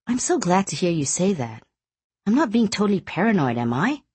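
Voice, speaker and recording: A woman reading the part of a wry, curious young wife in an audiobook, with animated, teasing delivery. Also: medium pitch, fairly quick, slightly rough, dry recording, voice pushed up. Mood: chatty.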